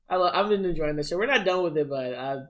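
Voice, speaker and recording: Excitable high-voiced man, quick and lively. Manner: excitable, quick reactions, laughs often. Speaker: podcast co-host. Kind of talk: casual chat.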